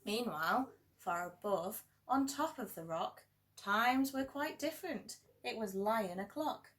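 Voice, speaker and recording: A woman teacher reading a rhyming picture book aloud in a gentle, sing-song storytelling way with playful emphasis. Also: a little high, lively intonation, a little slow.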